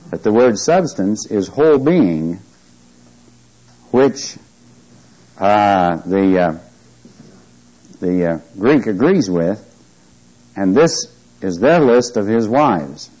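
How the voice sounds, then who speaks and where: A man's voice: lowish voice, darkish tone, poor audio. A man teaching a Bible class, reading scripture aloud and quizzing his listeners with questions.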